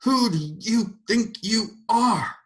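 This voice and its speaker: A self-righteous farm wife, as a male lecturer puts her on, her voice pitched well up and pushed loud. She rails and hollers toward the sky with wounded pride. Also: measured pace. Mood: furious. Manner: railing, shouting at the sky. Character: indignant self-righteous middle-aged farm woman.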